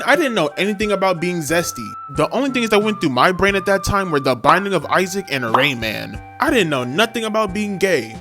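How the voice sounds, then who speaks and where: Young guy telling a goofy school story, super animated, kinda high voice, music playing under it. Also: fairly quick, few pauses. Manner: animated, slangy, self-mocking. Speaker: storytime vlogger. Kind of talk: comedic storytime narration.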